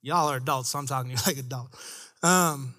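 Preaching a touch quickly, a young male church staff member keeps his sermon animated and conversational. His asides drop low, and his emphasis rises.

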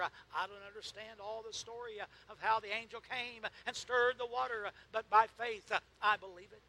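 A male pastor preaching a sermon, peppering his lines with "uh" and "amen" and swelling into loud, fervent peaks. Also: high-pitched, steady tone, quick pace, hardly any pauses, low-quality recording.

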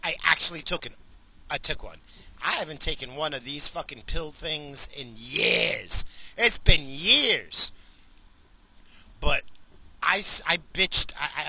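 A middle-aged man from the United States ranting casually and profanely to his viewers while driving, animated, cursing and mocking himself. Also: a little high, moderate pace, creaky, breathy edge, no echo, rough recording. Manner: animated, swearing, self-mocking. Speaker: vlogger.

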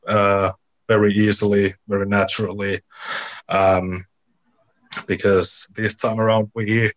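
Lowish guy talking slow and flat, lots of ums, just answering questions casually. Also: low-quality recording. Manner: hesitant, many ums, plain-spoken. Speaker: musician guest.

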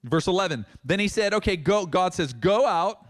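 Speaking at normal speed in a high-pitched voice, a pastor reads scripture during his sermon and acts out dialogue with lively emphasis.

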